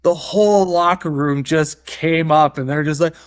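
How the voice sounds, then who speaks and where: A man's voice: fairly high pitch, normal speed, clear, resonant tone, no echo. A man as a podcast guest, telling a story in a casual way, acting out the voices of others and using many fillers. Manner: animated, acts out quoted voices, many fillers.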